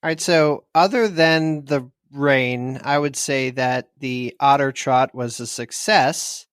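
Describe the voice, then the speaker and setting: A man's voice: mid-range voice, slow pace, fairly bright tone, clean tone, dry recording, studio quality. A man co-hosting a podcast, chatting easily and slipping into little quoted asides. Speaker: podcast co-host. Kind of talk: casual chat.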